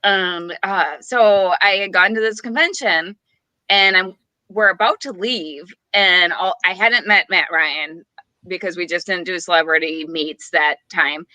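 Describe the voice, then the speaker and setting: A woman on a podcast, chatting casually and telling an animated story, giggling and acting out the quotes. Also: on the low side, measured pace, dry recording. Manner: giggly, acts out quotes, many restarts. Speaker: podcast co-host.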